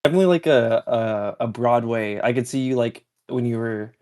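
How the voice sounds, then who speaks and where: A man with a mid-range voice banters in a relaxed online chat. His joking has a nervous edge. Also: mid-range voice, a little fast, smooth. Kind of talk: casual chat.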